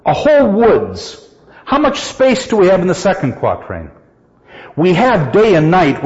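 A male literature teacher lecturing a class on poetry, putting questions to the students and reading verse lines slowly. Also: on the high side, darkish tone. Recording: echoey hall, dull lo-fi sound.

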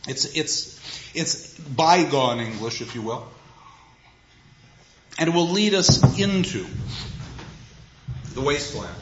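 Measured, thoughtful man lecturing on poetry. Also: a little high, expressive, reverberant, muffled recording, slight background noise. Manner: measured, thoughtful, with deliberate pauses and slowed emphasis. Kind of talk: reflective spoken lecture.

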